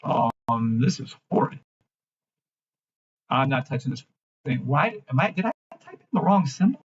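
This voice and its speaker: A man hosting a trading livestream, ranting in a brash, mocking, profane way and swinging between loud outbursts and low mumbling. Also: very animated, normal speed, slightly rough, highs cut off. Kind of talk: live-stream rant and chart reading.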